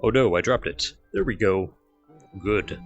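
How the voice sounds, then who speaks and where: A man playing in a roleplay session through a voice changer that pitches his voice down, talking in a dry, flat deadpan. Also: a little slow, muffled recording, soft background music. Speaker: roleplay player. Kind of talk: in-character roleplay chat.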